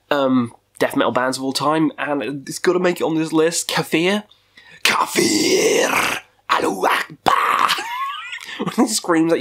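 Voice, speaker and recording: A man hosting a casual video countdown, talking in a profane, goofy way with jokey asides. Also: fairly high pitch. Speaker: metal music YouTuber.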